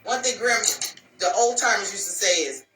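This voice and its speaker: A woman's voice: mid-range voice, normal speed, bright, forceful tone, recorded from a distance, faint music behind. A woman hosting a casual advice talk for women, sassy and emphatic, repeating lines for punch. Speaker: host giving relationship advice to women. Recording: roomy echo, voice a bit off mic.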